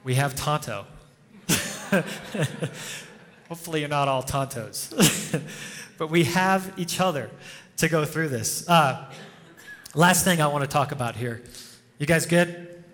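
A man's voice: fairly high pitch, unhurried, long pauses, fairly bright tone. A male pastor preaching an informal, conversational sermon, telling stories and chuckling often. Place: church hall before a congregation. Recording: long reverb of a church hall.

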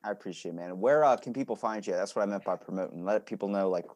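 A man's voice: fairly low pitch, fast, darkish tone, no echo. A man hosting a podcast in casual chat, joking around loosely and swearing now and then. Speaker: podcast host.

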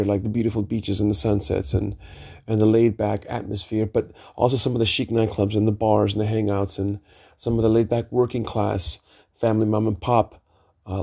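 On his vlog, a middle-aged man with a gravelly, dark, low-sitting voice rambles through a personal story. He speaks emphatically, drifts onto tangents, and swears freely.

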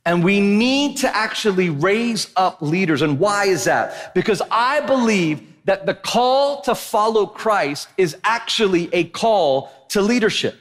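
A man in his thirties preaching a sermon as pastor, telling a funny family story in an animated, joking way and often asking the crowd "right?". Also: high voice, a little slow, few pauses. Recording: long hall reverb of a church.

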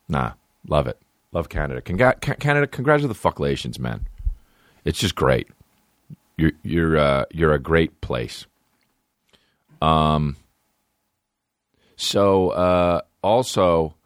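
A male comedian hosting his podcast, rambling through a profane, animated monologue. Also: very deep voice, no room sound, clean studio sound.

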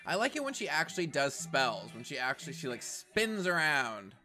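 A man chats his way through a show, cracking jokes and talking back at the screen. His voice is bright and sharp. His pitch moves around a lot. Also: sing-song, normal speed, faint music behind. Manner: chatty, wisecracking, talks back at the screen. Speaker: reaction commentator. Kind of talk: casual commentary over a show.

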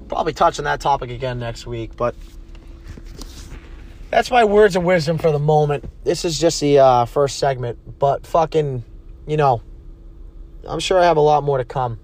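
A man's voice: mid-range voice, a little mellow. A young man hosting a podcast, ranting bluntly and profanely in a rambling way while driving his car. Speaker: podcast host. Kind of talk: casual rant while driving. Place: in a car on the road.

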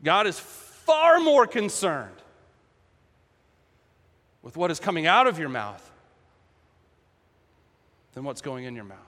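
A man preaching a sermon in a casual, humorous and animated way. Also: fairly high pitch, slow pace, pauses often. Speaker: pastor. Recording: echoey hall.

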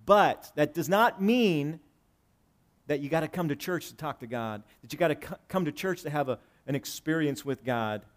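Man preaching with dramatic loud-soft swings. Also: expressive, moderate pace. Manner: dynamic preaching, swinging between loud emphasis and hushed low lines; reads scripture aloud and paraphrases it conversationally. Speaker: pastor. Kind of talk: sermon.

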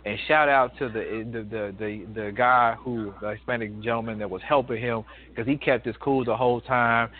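A man's voice: medium pitch, steady tone, moderate pace. A man in his thirties telling a story in a casual, emphatic way, with many restarts. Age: 30s. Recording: tinny phone line.

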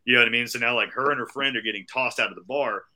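A man co-hosting a podcast, telling a long, profane story casually and acting out the quoted voices of the people in it. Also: medium pitch. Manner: fast, animated, acts out quoted voices. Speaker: podcast co-host.

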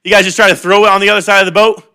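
A man's voice: high voice, flat delivery, creaky, bright, forceful tone, clean tone, pitched above the performer's own voice, heavily acted. A man voicing a playful grown man who teases fishermen from the shore, in a sermon retelling. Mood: teasing. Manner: playful teasing, quick. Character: teasing, smirking grown man calling from shore.

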